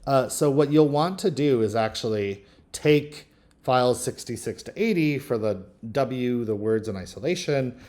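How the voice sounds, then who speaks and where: A man teaching linguistics, talking through a screen-recorded software tutorial in a relaxed, thinking-aloud way with frequent ums. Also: medium pitch, normal speed. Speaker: linguistics instructor.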